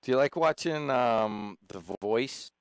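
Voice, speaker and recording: A man's voice: medium pitch, takes it slowly, smooth, no room sound. A man hosting a radio call-in show, chatting with callers in a rambling, friendly, teasing way. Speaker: radio talk show host. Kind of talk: casual call-in chat. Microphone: studio microphone.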